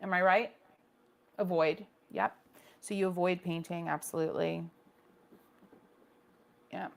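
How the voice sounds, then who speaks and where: A woman's voice: lowish voice, steady tone, a little slow, gravelly. A woman hosting a casual painting livestream, chatting with viewers and reacting to their comments, often restarting her sentences.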